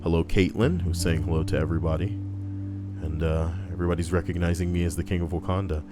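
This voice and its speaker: A young man chats on his live stream in a low, easygoing voice, rambling through viewer messages with crude jokes. Soft background music plays faintly behind him. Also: fairly even intonation, fast. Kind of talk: casual chat reading viewer messages.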